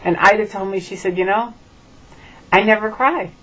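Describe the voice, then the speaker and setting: A woman's voice: mid-range voice, moderate pace, bright, forceful tone, low-quality recording. A middle-aged woman from the United States gives an emphatic direct-to-camera message and keeps checking in with "okay?". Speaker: former member speaking out.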